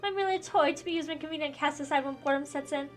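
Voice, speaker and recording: A woman's voice: high voice, very fast, faint music behind, natural voice. A woman doing a theatrical flamboyant bard. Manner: theatrical, grandiose.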